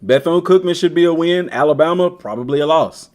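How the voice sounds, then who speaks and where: A man's voice: fairly high pitch, quick pace. A man streaming a video game, giving casual, slangy commentary and talking straight to the team. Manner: slangy, talks to the team directly, animated. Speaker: gaming streamer.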